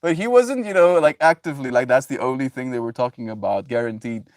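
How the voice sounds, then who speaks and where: A man's voice: medium pitch, animated, quick pace, no room sound, studio quality. Rambling, laughing male livestreamer. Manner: rambling, laughs often, loose filler-heavy talk. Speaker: livestreamer reading chat. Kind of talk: casual spiritual musing.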